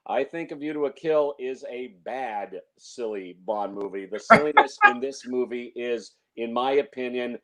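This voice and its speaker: A man's voice: mid-range voice, moderate pace, hardly any pauses, crowd noise. A man reviewing films in casual chat, opinionated, stumbling over restarts and fillers. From San Francisco Bay Area. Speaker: film reviewer.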